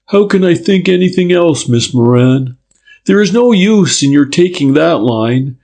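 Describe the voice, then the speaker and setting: A man's voice: fairly high pitch, lively intonation, measured pace, vocal fry, darkish tone, pitched above the performer's own voice. A man voicing a courteous but firm middle-aged detective inspector who presses politely. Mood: polite pressing.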